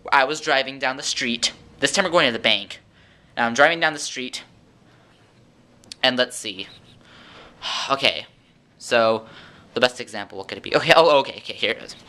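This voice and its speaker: A man's voice: medium pitch, pushed and bright. A teenage boy ranting in a sarcastic, exasperated vlog monologue at home. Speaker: vlogger.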